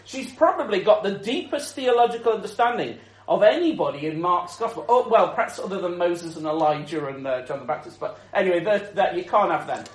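A man preaching a sermon in an animated storytelling manner, chuckling often and restarting his sentences. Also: high-pitched, fairly quick, echoey room, poor audio.

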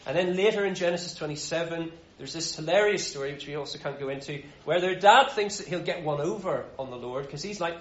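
A man's voice: fairly high pitch, a little fast, hardly any pauses. Man giving a casual, chatty sermon. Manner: casual, conversational, frequent restarts. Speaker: Bible teacher. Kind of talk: informal sermon. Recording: roomy, dull sound.

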